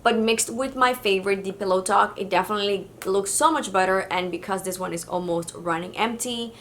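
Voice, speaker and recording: A woman's voice: mid-range voice, a little fast, fairly bright tone, slight background noise. Chatty woman vlogger narrating makeup. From Mexico. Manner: chatty and casual, with fillers like "kind of like". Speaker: beauty vlogger.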